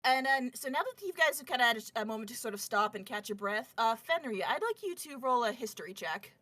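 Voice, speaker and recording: A woman's voice: fairly high pitch, lively intonation, fast, sharp tone, no room sound, studio quality. A woman narrating as game master in a tabletop game, rambling with lots of fillers.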